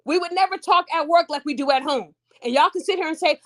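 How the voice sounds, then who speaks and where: This podcast host has a very high voice and talks fast, addressing her audience in lively, casual commentary. She performs different voices along the way.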